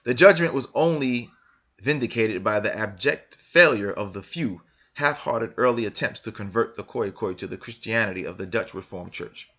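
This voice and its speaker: A man's voice: lowish voice, animated, normal speed, a bit bright. A man reading passages from a book aloud and commenting on them, hammering his points with repeated rhetorical questions. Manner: argumentative, many restarts. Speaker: religious commentator.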